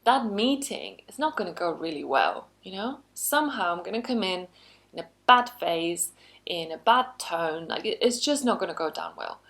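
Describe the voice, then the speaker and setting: A woman's voice: fairly low pitch, lively intonation, normal speed, a bit bright. Chatty woman trainer, upbeat and conversational. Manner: chatty, frequent "you know" asides, upbeat emphasis. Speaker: workplace skills trainer. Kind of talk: conversational online lesson.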